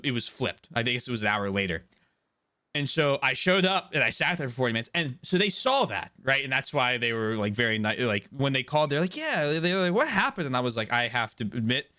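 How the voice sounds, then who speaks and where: Bright-voiced young male streamer. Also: medium pitch. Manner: animated storyteller, swears and laughs often. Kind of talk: casual chat during a live game stream.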